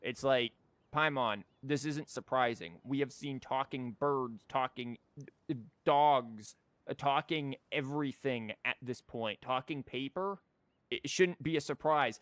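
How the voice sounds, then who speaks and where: A man's voice: medium pitch, a little slow, fairly bright tone, dry recording. A man streaming a video game, giving casual commentary with sarcastic, joking asides.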